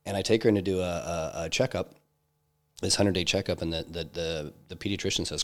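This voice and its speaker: A man with a very deep, low voice recounts a hard personal episode in an interview. He talks haltingly, restarting sentences and filling gaps with ums. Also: steady tone. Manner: halting, many restarts and fillers. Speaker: interview guest, entrepreneur. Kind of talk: candid personal storytelling.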